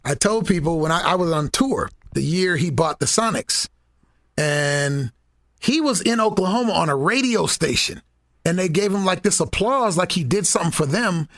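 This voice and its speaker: Guy telling stories, high gravelly voice, lively, dry sound. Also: moderate pace, no echo. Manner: animated storyteller, swears freely. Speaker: guest. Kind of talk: casual chat.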